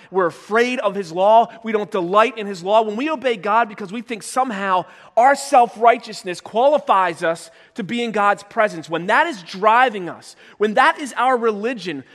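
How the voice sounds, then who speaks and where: A male pastor with a high voice preaches to his congregation, his words ringing with the long reverb of a church sanctuary. He keeps it conversational, then breaks into loud shouted voices when acting out stories. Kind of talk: sermon.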